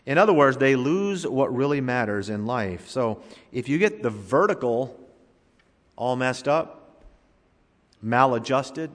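A man preaching a sermon, swinging between loud emphasis and quiet, drawn-out phrases, with rhetorical questions. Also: medium pitch. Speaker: pastor. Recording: hall reverb.

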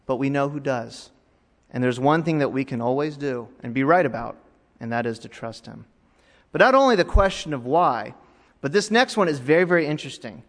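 A male pastor with a fairly high voice preaches dramatically, sinking to near-hushed tones before rising into louder, emphatic passages. A long reverb makes it sound as though he's in a large church hall.

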